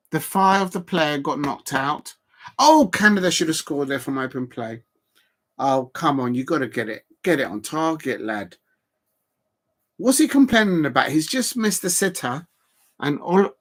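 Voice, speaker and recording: A middle-aged man, chatting excitedly over a live football match on his stream and reading out comments from the chat. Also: fairly high pitch. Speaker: football watch-along streamer. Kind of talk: live watch-along commentary.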